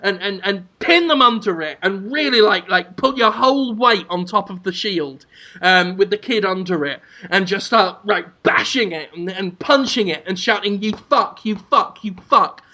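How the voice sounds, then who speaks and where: A man's voice: sits high, normal speed, pushed and bright. A man co-hosting a comedy podcast, rambling through absurd, crude scenarios. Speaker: podcast co-host.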